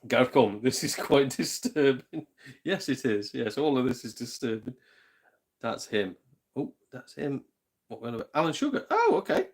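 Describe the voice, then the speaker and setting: A man's voice: medium pitch, normal speed, husky. A man with a British accent chatting casually on a live stream from home, rambling, mildly swearing and reacting to viewer comments. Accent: British English. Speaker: gaming channel host.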